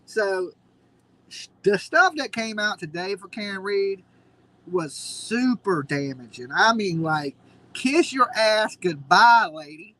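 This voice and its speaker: A man's voice: high-pitched, lively intonation, slow, sharp tone, rough recording. A man hosting a live stream, ranting in a mocking, combative way. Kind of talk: heated casual commentary.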